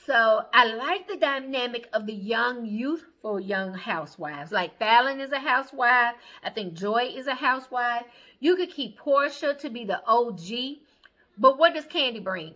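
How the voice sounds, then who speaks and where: Sassy chatty woman with a bright voice. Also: a little high. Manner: sassy, chatty, opinionated, mimics people she talks about. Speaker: reality TV recapper. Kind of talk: casual episode recap commentary.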